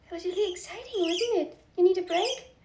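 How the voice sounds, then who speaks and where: A woman vlogger at home with her pet birds coos in baby talk to one of them, her voice very high and a little fast. The casual clip is recorded in an echoey room with a distant mic and loud noise, and budgies chirp in the background.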